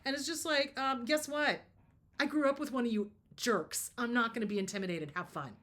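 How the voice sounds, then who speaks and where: Hosting an advice show, a middle-aged woman therapist speaks a little fast at a fairly high pitch. She's emphatic and casual, spinning lively anecdotes, laughing, and mimicking what people said.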